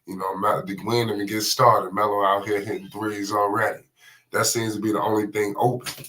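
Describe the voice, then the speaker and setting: Low-voiced excitable livestream commentator man. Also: normal speed. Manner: excitable, slangy, calls every pass by name. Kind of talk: live play-by-play commentary.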